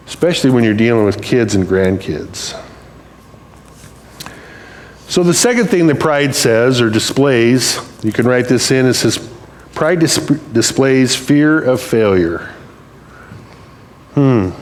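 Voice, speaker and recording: An older man giving a sermon in a church, speaking plainly and conversationally as he tells stories. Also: mid-range voice. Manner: storytelling, conversational, plain-spoken. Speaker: preacher.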